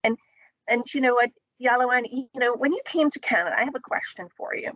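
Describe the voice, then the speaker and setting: A woman's voice: a little high, fast talker, a bit bright, dry recording, lo-fi sound. A woman from the Caribbean talking in a casual panel discussion, thoughtful and full of fillers and restarts.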